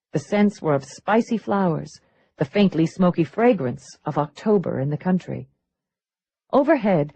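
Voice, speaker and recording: A woman narrating an audiobook in a measured, expressive storytelling manner. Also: lowish voice, rough recording. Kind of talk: scripted narration.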